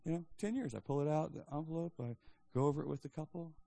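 A man voicing an amused older male pastor who teases a young couple with a chuckling, drawn-out delivery. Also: a little high, gravelly, mellow, dry recording.

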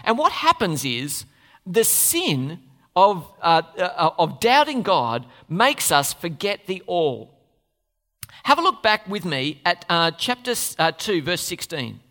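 Lively, chatty preacher in a reverberant hall. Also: mid-range voice, takes it slowly. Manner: conversational, asks the congregation questions, playful asides. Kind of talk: sermon. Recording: long reverb of a large hall.

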